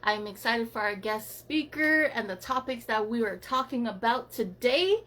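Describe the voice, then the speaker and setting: A woman's voice: fairly high pitch, expressive, normal speed, fairly bright tone. A woman hosting a live podcast, talking in an upbeat, chatty way and often repeating herself. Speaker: podcast host. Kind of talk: casual live-stream chat.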